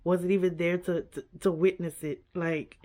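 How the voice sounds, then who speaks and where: A woman's voice: fairly low pitch, level tone, normal speed, warm tone. A woman vlogger giving a casual, earnest reaction to a documentary. She repeats herself often and leans on "like" and "you know.".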